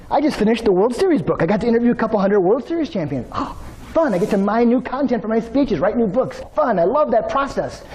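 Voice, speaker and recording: Energetic high-voiced male keynote speaker. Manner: energetic, storytelling, addresses audience directly. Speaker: motivational speaker. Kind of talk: keynote speech to an audience.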